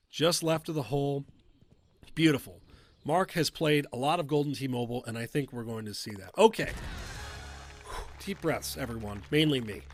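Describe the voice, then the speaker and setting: Excitable man calling golf game matches. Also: a little high, a little hiss or hum. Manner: excitable, bursts into shouts at big shots; chatty, jokey asides. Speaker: commentator. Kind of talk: video game play-by-play commentary.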